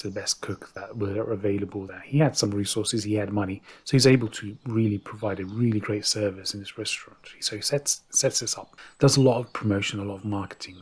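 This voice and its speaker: A man's voice: fairly low pitch, husky. A man telling a folk tale in a chatty, casual way, often turning to the listeners with asides. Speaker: storyteller. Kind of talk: casual oral storytelling.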